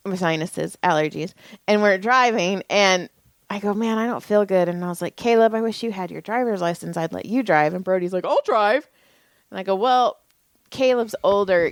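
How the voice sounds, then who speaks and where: A woman's voice: mid-range voice, animated, normal speed, no echo. Rambling, foul-mouthed woman telling stories. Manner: rambling storyteller, swears freely. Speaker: podcast co-host. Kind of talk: casual chat.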